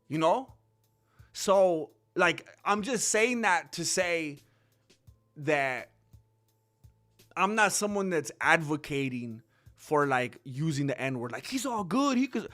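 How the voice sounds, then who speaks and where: Young man, casual commentary host, high lively voice, bright edge, rambling with restarts. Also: slow, long pauses, faint music behind. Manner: rambling, with many restarts and fillers.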